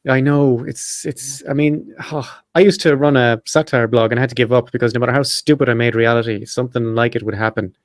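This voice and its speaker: A man hosting a podcast, reading from his notes in a casual, profane way and breaking off with quick asides. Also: mid-range voice, fairly even intonation, no room sound. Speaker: podcast host.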